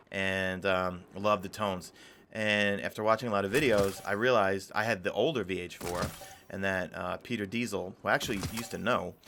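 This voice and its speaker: A young man hosting a live game stream, rambling casually and calling out viewers by name. His voice is low with a gravelly rasp, and a faint hiss sits underneath. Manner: rambling, chatty, shouts out chat viewers. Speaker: gaming streamer.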